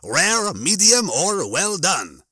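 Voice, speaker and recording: A man voicing a cheerful, malfunctioning food-dispensing machine with a slow, pleasant sing-song service voice. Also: sits high, big pitch swings, bright, forceful tone, no echo, studio quality, pitched above the performer's own voice, heavily acted.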